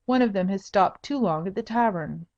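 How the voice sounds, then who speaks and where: A woman's voice: medium pitch, expressive, moderate pace, darkish tone, dull audio, lightly acted. A woman voicing a blunt, ruthless male henchman in an audiobook.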